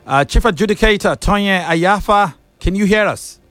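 A man's voice: high-pitched, normal speed, a bit bright, no echo, faint music behind. Man hosting a debate show. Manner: formal introductions, playful asides. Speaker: host.

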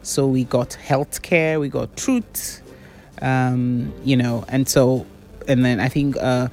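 A woman's voice: rumbling low, fairly even intonation, slow, mellow, faint music behind. A woman, a diction and public speaking coach giving corrective feedback on debaters' pronunciation.

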